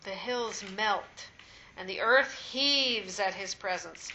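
A woman reading scripture aloud at a steady, measured pace in a Bible study. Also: medium pitch, slight background noise, rough recording. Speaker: scripture reader.

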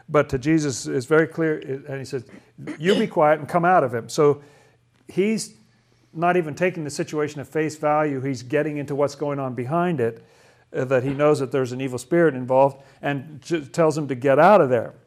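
Man, somewhat high-pitched, casual Bible study teacher. Questioning, conversational delivery with restarts. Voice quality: asks lots of questions, chatty, stumbles and restarts.

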